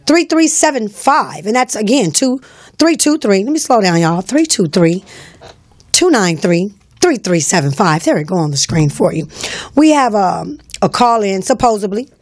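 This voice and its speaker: A woman with a mid-range, darkish voice hosts a live call-in show, recorded on a studio microphone with no room sound. Her casual live-stream talk is bossy, teasing, and full of slang.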